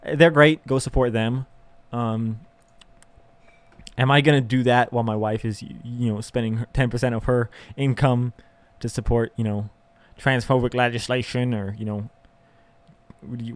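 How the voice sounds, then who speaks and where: A man's voice: medium pitch, fairly even intonation, moderate pace. A young man talking candidly and emotionally in a profane, exasperated monologue, with laughs and sighs.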